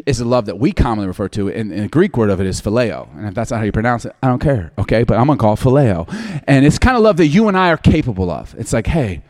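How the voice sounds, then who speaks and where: Forties male pastor, funny and candid, voice swinging widely in pitch. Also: quick pace, few pauses. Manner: humorous, self-deprecating, candid; animated, often laughing. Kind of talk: storytelling sermon.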